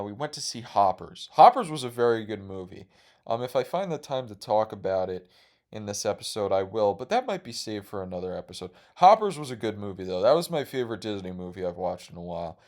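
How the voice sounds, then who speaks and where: A man's voice: fairly low pitch, a little mellow. A young man hosting a podcast, rambling casually on his own with a self-deprecating, profane humor. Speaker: podcast host.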